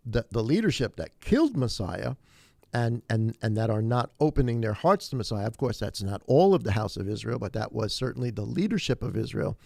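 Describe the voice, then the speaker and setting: Male pastor mid-sermon, mid-pitched, close and dry mic, preaches with climbing emphasis. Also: no echo. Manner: animated preaching, rising to emphatic peaks, frequent restarts.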